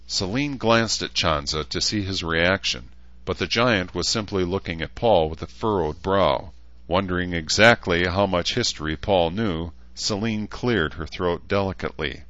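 A man narrating an audiobook in a steady, even way, on dull lo-fi audio. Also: extremely low pitch, a little slow, dry recording. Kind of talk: scripted narration.

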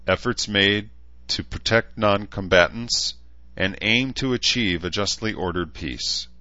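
A man reading the lines of a stern male commander in an audiobook, lecturing and forceful, on a dull recording. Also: low-pitched, no room sound, pitched above the performer's own voice, exaggerated voice.

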